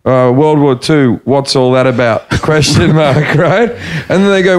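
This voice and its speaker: A man's voice: on the high side, steady tone, measured pace. Comedian, man, playful, laughs through his lines. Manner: playful, laughs while talking. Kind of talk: casual chat.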